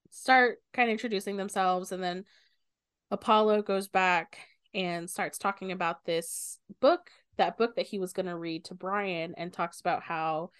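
A woman's voice: fairly low pitch, clean tone, no room sound, studio quality. Casual woman retelling a book plot. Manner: animated retelling, quoting characters with bursts of swearing. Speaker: podcast co-host.

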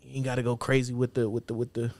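A man's voice: medium pitch, little pitch movement, fast, a little mellow. A man co-hosting a podcast in casual chat, opinionated and slangy, with frequent filler phrases. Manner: opinionated, slangy, keeps saying "you know what I'm saying". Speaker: podcast co-host.

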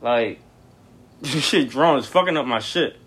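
A man's voice: medium pitch, unhurried, husky. Blunt, cussing man telling stories. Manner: profane, blunt, animated storyteller. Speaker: podcast host. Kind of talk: casual storytelling monologue.

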